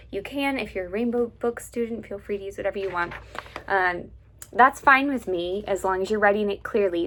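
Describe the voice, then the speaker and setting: A woman music teacher patiently explaining to students step by step, slowly singing out syllables and solfege notes as examples. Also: mid-range voice, fairly bright tone. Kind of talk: instructional lesson to students.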